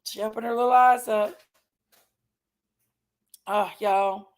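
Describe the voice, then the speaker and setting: A woman's voice: medium pitch, fairly even intonation, slow. A woman hosting a casual livestream, affectionately greeting viewers one by one by name and sometimes sounding tearful. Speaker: livestream host.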